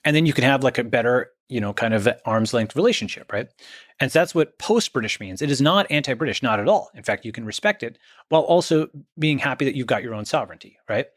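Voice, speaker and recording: A man's voice: mid-range voice, expressive, quick pace, dry recording. Emphatic man, dry close sound. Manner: emphatic, checks in with "okay?" and "right?". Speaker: guest. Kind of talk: conversational interview.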